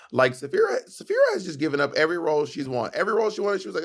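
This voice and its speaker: A man's voice: a little high, huge pitch swings, very fast, hardly any pauses. A man co-hosting a casual recap podcast, explaining plots at length with sassy, emphatic asides. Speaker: podcast co-host.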